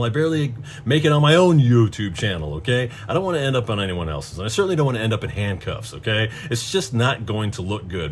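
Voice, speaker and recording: A middle-aged man rants through a casual story with an animated voice that swings widely in pitch. He swears freely and sounds exasperated. A faint background hum sits under his voice. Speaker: vlogger.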